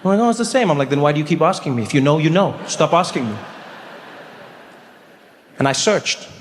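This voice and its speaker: A middle-aged man from South Africa doing stand-up comedy storytelling, animated and acting out characters with big pitch jumps, on a large theater stage. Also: fairly quick, slight background noise. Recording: live hall with long reverb, faint ambience.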